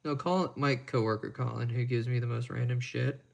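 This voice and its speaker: A man's voice: medium pitch, fairly even intonation, brisk, gravelly. A man chatting casually on a live stream while he repairs watches at his bench, rambling and making crude, self-mocking jokes.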